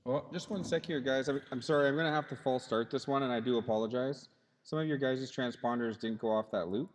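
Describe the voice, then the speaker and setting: A man's voice: medium pitch, brisk. A man directing and announcing a live RC car race over a PA, friendly, chatty and apologetic toward the drivers. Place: indoor RC race track in a hobby shop. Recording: long reverb in a large hall.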